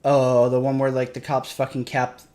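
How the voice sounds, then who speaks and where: A man's voice: medium pitch, completely flat delivery, moderate pace, crowd noise. A man, a military veteran, chatting casually on a stream and ranting with lots of profanity. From Michigan. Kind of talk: casual chat.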